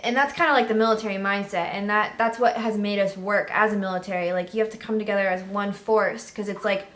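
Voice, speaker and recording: A young woman recalling her Navy days in a relaxed, chatty vlog. She talks at a middle pitch, laughs easily and tells her stories with bubbly energy. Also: fast. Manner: bubbly, laughs a lot, storytelling. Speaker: Navy veteran vlogger. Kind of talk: casual chat.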